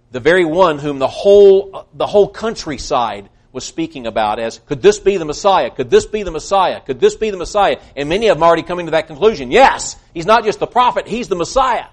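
A man preaching a sermon earnestly, swinging between loud emphasis and hushed, quiet passages. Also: fairly high pitch. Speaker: pastor.

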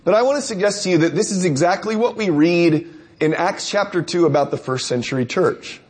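A man's voice: sits high, fairly quick, darkish tone, breathy edge. A man preacher delivering a conversational sermon, telling stories and asking rhetorical questions.

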